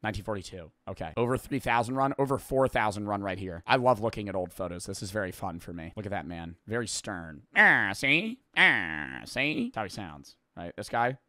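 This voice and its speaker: A young man streaming a game, chatting casually, thinking out loud and swearing often. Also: fairly low pitch, fast, few pauses, dry recording, studio quality. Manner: excitable, profane, thinking out loud. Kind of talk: casual live-stream gameplay commentary.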